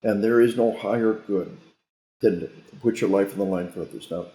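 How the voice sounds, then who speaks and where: A man speaking as a guest in an interview, preachy and emphatic, with frequent restarts. His voice is low, dark and mellow. It sits in a roomy, echoey space. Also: brisk. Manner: emphatic, sermon-like, with repeated restarts. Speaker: guest military trainer. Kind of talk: interview talk, preachy storytelling. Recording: roomy echo.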